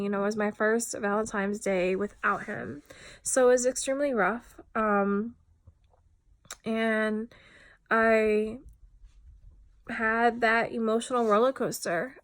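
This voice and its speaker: A tired woman talking candidly in a personal vlog, reflective and full of fillers. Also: a little high. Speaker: vlogger.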